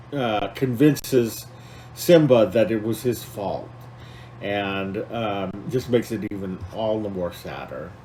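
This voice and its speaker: A man's voice: fairly low pitch, a little mellow, a little hiss or hum, poor audio. A man co-hosting a podcast, talking casually and with feeling, rambling with many fillers and restarts. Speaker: podcast co-host.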